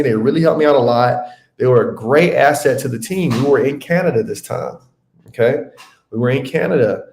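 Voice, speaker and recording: A man's voice: mid-range voice, darkish tone. A man teaching a live webinar in a conversational way, often checking in with "okay?" and "y'all.". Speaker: webinar instructor. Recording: echoey room.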